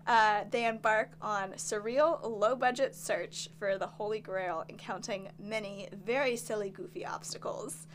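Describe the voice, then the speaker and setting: A woman's voice: mid-range voice, steady tone, a little slow, hardly any pauses, slight background noise. A young woman hosting a film podcast in casual chat, bubbly and laughing often. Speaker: podcast host.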